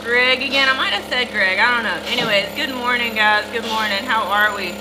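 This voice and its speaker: A woman's voice: a little high, brisk, noisy background. A tired woman with a Southern accent chatting casually on a livestream from a barn, greeting viewers by name while she works. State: tired from lack of sleep. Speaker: goat farmer hosting a livestream. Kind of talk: casual live-stream chat.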